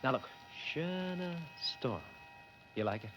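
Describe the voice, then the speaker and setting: A man's voice: medium pitch, very animated, fast talker, a bit bright, faint music behind. A pushy Hollywood publicity man. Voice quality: salesy, wheedling. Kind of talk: 1950s radio drama acting. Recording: dull old radio broadcast.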